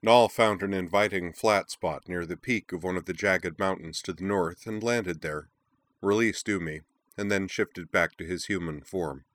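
Male audiobook narrator, very low voice, dry studio sound, measured storytelling. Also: a bit bright, no echo.

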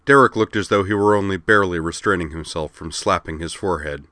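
A man reading a story aloud with steady, expressive narration. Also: low voice, fast talker, no echo, studio quality.

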